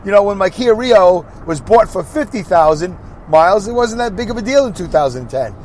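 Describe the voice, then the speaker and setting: Rambling sixty-year-old man, fairly high voice. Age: 60s. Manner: rambling, joking, talks back to imagined critics. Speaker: podcast host and truck driver. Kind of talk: casual solo podcast while driving. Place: inside a car while driving. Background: faint car and road noise.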